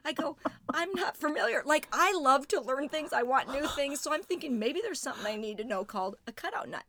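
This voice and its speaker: A middle-aged woman co-hosting a podcast, telling a funny story in an animated way and laughing often. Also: high voice, brisk. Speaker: podcast co-host. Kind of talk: casual storytelling chat.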